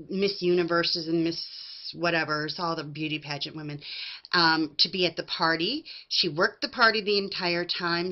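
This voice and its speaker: A woman giving a sassy, mocking recap of a reality show, acting out what others said. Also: on the low side. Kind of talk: casual opinionated recap. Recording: slightly dull lo-fi recording.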